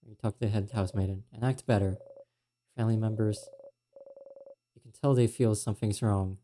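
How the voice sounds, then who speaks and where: Mellow-voiced man reading game narration. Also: fairly low pitch, fairly even intonation, fairly quick, slight background noise. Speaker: streamer.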